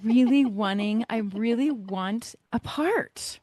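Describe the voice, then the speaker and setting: A middle-aged woman co-hosting a podcast, telling stories in a lively way and laughing often. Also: fairly high pitch, slow pace, no room sound, studio quality. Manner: animated storyteller, laughs often. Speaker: podcast co-host. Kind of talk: casual chat.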